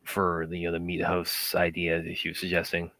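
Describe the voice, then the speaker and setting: Deep-voiced, halting male co-host. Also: monotone, sharp tone. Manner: halting, repeats words. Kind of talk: casual stream chat.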